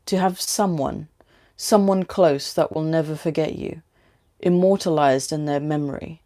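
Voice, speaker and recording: A woman's voice: sits low, measured pace, warm tone. Woman reading as a frightened, bitter young woman. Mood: despairing.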